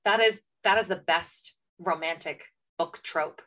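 A woman's voice: on the low side, measured pace, bright, forceful tone. A young woman co-hosting a casual book podcast, speaking emphatically with strong opinions and casual swearing. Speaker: podcast co-host. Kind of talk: casual chat.

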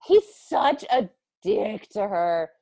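Woman co-host, casual movie chat, animated delivery, dry close sound. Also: mid-range voice, takes it slowly, gravelly, dry recording. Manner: playful, wry, lively. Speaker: podcast co-host.

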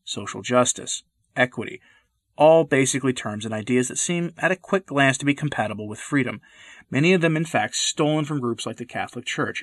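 A man delivering scripted commentary narration in a measured, deliberate way. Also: medium pitch, a bit bright, dry recording, studio quality.

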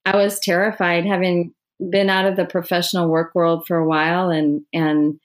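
A middle-aged woman, an author, telling her story in an interview with frequent restarts and soft laughs. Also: lowish voice, level tone, moderate pace. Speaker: author guest.

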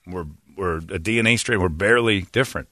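A man co-hosting a podcast, bantering crudely, joking and mocking loudly with frequent laughter. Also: deep voice, fast talker, no echo, studio quality. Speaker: podcast co-host.

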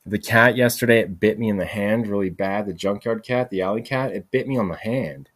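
Male podcast host, low register, loose rambling delivery, swears mildly. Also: brisk. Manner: rambling, peppered with "freaking" and "like". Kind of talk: rambling solo monologue. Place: home recording, voice message.

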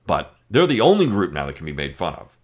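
Man, low register, animated delivery; sarcastic opinion commentary for a podcast. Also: a little fast. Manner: emphatic, sarcastic, with frequent fillers. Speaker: podcast host.

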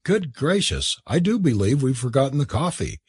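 A man reading a novel aloud and voicing a prim, impatient young woman, with a husky voice. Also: mid-range voice, very animated, normal speed, a little mellow, dry recording, studio quality, pitched above the performer's own voice. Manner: indignant, prim exclamations. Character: young well-bred woman, sharp and impatient. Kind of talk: audiobook character voice.

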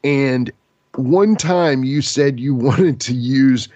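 A man's voice: medium pitch, slow pace, warm tone, dry recording, muffled recording. A man co-hosting a podcast in an easygoing way, mostly giving short replies and asking questions. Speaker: podcast co-host. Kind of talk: casual chat.

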